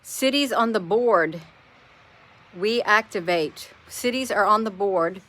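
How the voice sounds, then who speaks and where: A woman chats in a loose, rambling way on a live stream, turning to her viewers often. Her voice is bright and forward, sitting at an ordinary middle pitch. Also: slow pace. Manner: rambling, chatty, addresses viewers as "you all". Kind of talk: casual live-stream chat.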